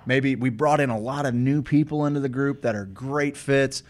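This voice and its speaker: A man's voice: medium pitch, normal speed. A man hosting a talk show, casual and profane, reading sponsor spots and inviting listeners to text in. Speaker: host.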